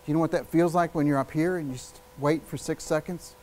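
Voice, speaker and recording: A man giving a live public speaking workshop, energetic and emphatic, shifting his speed and volume and using long pauses. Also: on the high side, rough recording. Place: workshop room with an audience.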